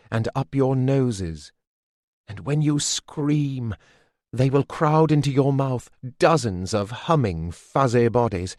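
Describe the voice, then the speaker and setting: A man voicing a fierce young mother beekeeper who makes slow, low, menacing threats in an audiobook. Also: dry recording, studio quality.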